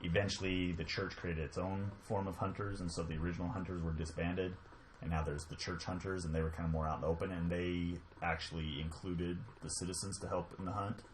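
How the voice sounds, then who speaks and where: A man's voice: sits low, flat delivery, fairly quick, a little hiss or hum. A man chatting casually on a livestream, explaining things in a rambling, easygoing way. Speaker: guest explaining game lore.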